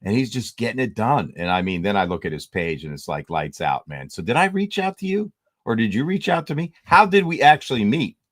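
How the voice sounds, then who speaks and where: Low, relaxed man hosting a chat. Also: a little fast, no echo, studio quality. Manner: laid-back, says "man" and "dude" a lot. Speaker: host. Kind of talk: casual live-stream chat.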